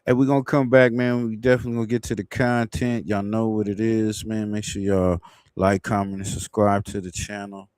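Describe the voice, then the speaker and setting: A man with a fairly low voice hosts a livestream and rambles through casual commentary. He laughs at his own jokes now and then. The sound is dry and close, with no room around it. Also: little pitch movement, brisk, a little mellow, clean tone, dry recording. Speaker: livestream host.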